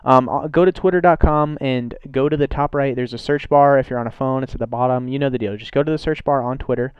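Smooth-voiced young gaming host. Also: male voice, mid-range voice, steady tone, quick pace, no room sound, muffled recording. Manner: upbeat, rambling how-to chatter. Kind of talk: casual video intro.

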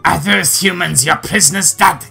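A man voicing a young male demon boy, boastful and excitable, in a high gravelly voice, over a video game. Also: normal speed, faint music behind, full character voice. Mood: excited. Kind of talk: amateur voice acting over a game.

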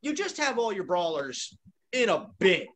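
A man's voice: sits high, very animated, moderate pace, a bit bright, slight background noise. A man co-hosting a casual video podcast, joking and teasing his guest, with a self-described nitpicky streak. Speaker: podcast co-host.

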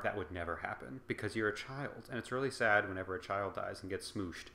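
A man's voice: low-pitched, steady tone, a little fast, hardly any pauses, pushed and bright, roomy sound, a little hiss or hum. A man giving casual game commentary, rambling and sarcastic, working himself up into impassioned opinions. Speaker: let's play commentator.

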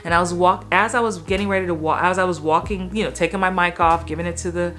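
A woman in her thirties, an actor and acting coach, telling a personal story in a candid, emotional way with quick asides and restarts. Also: lowish voice, steady tone, fairly bright tone, soft background music.

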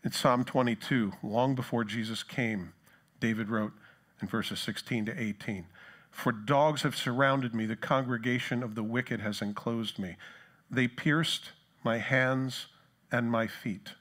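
A man's voice: mid-range voice, steady tone, measured pace, a bit bright. A male pastor giving a conversational sermon, now and then acting out the taunts of a crowd in a voice of his own. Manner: conversational preaching, acts out mocking voices of the crowd.

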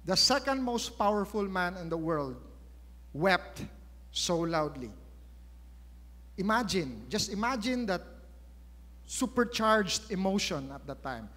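A man's voice: high voice, very animated, slow pace, long pauses, fairly bright tone. A man with a Filipino accent preaching a sermon, retelling a story with emphasis and rhetorical questions. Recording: echoey church hall.

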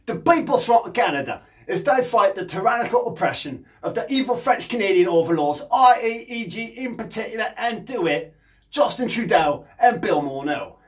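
Here a man with a high-pitched voice and lively intonation speaks at a moderate pace, in character as a punk singer and guitarist. The figure is brash, boozy and scatterbrained, rambling cheekily through a comedic monologue.

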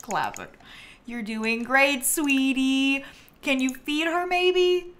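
A young woman streaming a life-simulation game, chatting excitably and talking to her characters. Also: sits high, takes it slowly, a little hiss or hum. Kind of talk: live game commentary.

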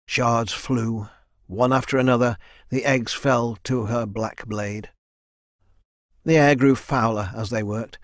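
A male narrator reads a fantasy audiobook in an even, measured way. His voice sits in a middle range. The recording is dry and close, from a studio booth. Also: mid-range voice, no echo. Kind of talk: scripted narration.

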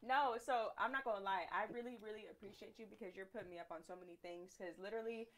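A woman from Southern California, a guest on a live-streamed chat show. She talks fast, in a quiet voice with blunt slang. She keeps to a casual, unscripted style. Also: medium pitch, steady tone.

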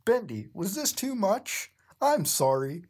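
A man voicing a gentle male cartoon character with a soft, tender delivery. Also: high voice, big pitch swings, slow, husky, voice pushed up, heavily acted. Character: gentle male cartoon cup-headed boy.

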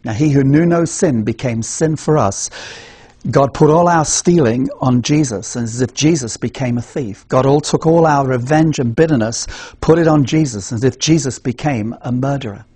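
A man's voice: medium pitch, moderate pace, dark tone, breathy edge, no echo. An English man demonstrating a gospel presentation, earnest, asking rhetorical questions and answering them himself. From England. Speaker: evangelism trainer.

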